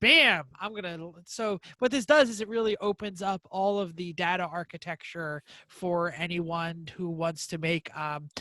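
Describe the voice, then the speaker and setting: A man's voice: high-pitched, steady tone, moderate pace, hardly any pauses, dry recording. A man co-hosting a casual podcast chat over a call, jokey and loose, given to sudden outbursts. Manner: jokey, loose, blurts out exclamations. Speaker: podcast co-host.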